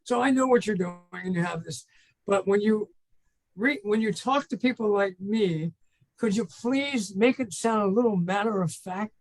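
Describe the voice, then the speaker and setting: High-voiced older man telling stories. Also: moderate pace, poor audio. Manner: rambling, anecdotal, acts out phone calls. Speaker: guest, trainer and consultant. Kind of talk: casual storytelling in an interview.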